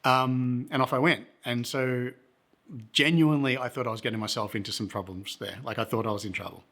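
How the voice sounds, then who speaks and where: A man's voice: medium pitch, fairly even intonation, a little fast, pushed and bright. A man, a travel vlogger telling a story in a rambling, self-correcting, laid-back way. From Australia. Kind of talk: casual storytelling to camera.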